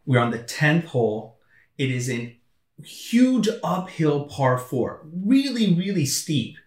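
A man co-hosting a podcast, casually chatting and telling animated stories, acting out what people said. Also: fairly high pitch, slow pace. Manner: animated storyteller, acts out quotes. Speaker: podcast co-host. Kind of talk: casual chat, storytelling. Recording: echoey room, distant mic.

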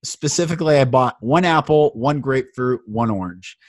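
A man hosting a podcast in casual conversation, telling stories in an animated, emphatic way. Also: medium pitch, normal speed, no echo, clean studio sound. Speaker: podcast host.

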